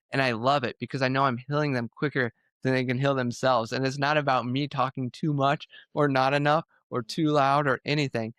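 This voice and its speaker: Intense man telling his story, smooth and dry. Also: mid-range voice, dry recording. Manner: intense, animated storytelling, quoting himself. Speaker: podcast guest. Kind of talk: candid podcast conversation.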